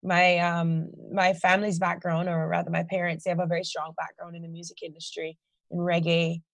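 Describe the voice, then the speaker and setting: A woman's voice: lowish voice, no room sound. A woman from Jamaica with a Jamaican accent, a singer-songwriter guest chatting in an upbeat, easygoing way. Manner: upbeat, easygoing, laughs readily. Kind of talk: casual interview chat.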